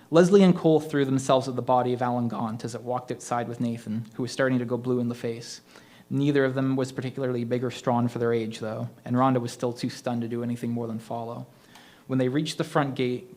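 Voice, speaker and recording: A man reads his own spooky tale aloud at an open mic, into a stage mic. His pitch sits in the middle for a man, and he tells the story in a steady, measured way.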